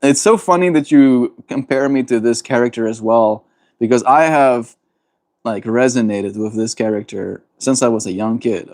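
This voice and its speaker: A man with a South African accent chatting gently on a livestream, greeting viewers and laughing often. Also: medium pitch, normal speed. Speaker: livestreamer reading chat. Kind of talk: casual livestream chat.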